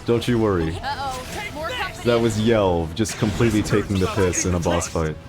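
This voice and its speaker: A man's voice: lowish voice, normal speed, over music. A man streaming a video game, chatting casually, laughing often and poking fun at himself. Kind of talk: casual gaming commentary.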